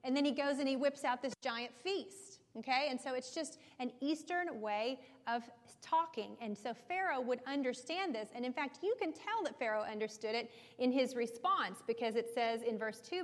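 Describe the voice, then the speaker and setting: A woman leads a Bible study lecture in a slightly high voice, explaining passages conversationally and checking in with her listeners. Her voice carries a long hall reverb. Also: expressive, normal speed.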